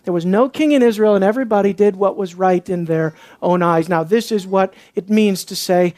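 A worked-up preacher in full expository flow, pressing each point with rhetorical questions and then pulling back into low, confiding asides. The voice sits at an ordinary middle pitch, and the sound is dry and close, with no room around it. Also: normal speed, a little mellow, dry recording. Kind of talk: expository sermon.

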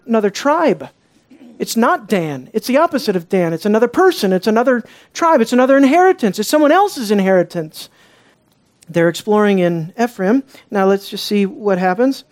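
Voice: medium pitch, darkish tone. A Bible teacher giving an expository sermon in a conversational way, often turning to the listeners with rhetorical questions.

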